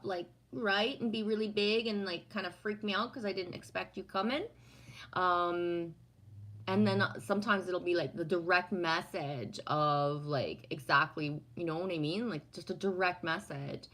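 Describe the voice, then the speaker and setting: A woman with a fairly low voice chats loosely with her livestream viewers and reads their messages aloud. She rambles from one story to the next and swears freely along the way. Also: animated, normal speed, fairly bright tone. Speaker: livestream host reading chat. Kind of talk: casual chat.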